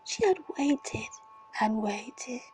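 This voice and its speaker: A woman reading a fantasy story aloud in a breathy, dramatic whisper. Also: on the high side, expressive, extremely slow, darkish tone, faint music behind, rough recording. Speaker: reader.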